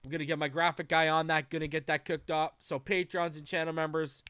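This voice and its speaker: A man hosting a casual livestream, loose and chatty as he greets viewers one after another. His voice sits fairly high for a man and comes through smooth and clear. The sound is dry and close, with no room around it. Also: flat delivery, a little fast, fairly bright tone, dry recording. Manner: frequent fillers and restarts. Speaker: podcast host.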